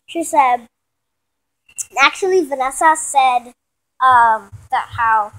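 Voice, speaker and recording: A woman with a high voice tells a made-up story off the cuff. She speaks slowly, trailing off, restarting and correcting herself as she goes. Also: fairly bright tone. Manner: rambling, restarting, self-correcting. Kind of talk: improvised spoken story.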